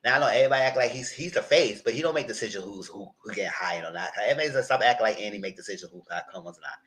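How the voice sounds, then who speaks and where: A man in a live chat recapping a reality TV show, talking in an animated, outspoken way with lots of slang. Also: lowish voice, racing, rough recording. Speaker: reality TV commentator.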